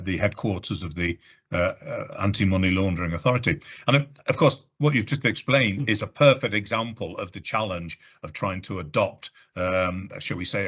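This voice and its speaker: A man with a low, husky voice hosts a webcast interview. He speaks in a measured way, pausing on fillers. The audio comes through dull and muffled. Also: a bit bright. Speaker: host, director of executive education.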